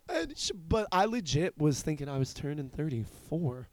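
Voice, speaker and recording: Man, thirties, podcast host, loose and profane, slightly high voice, dry close sound. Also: moderate pace, few pauses, no echo. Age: 30s. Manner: rambling, profane, animated storytelling. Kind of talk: casual chat.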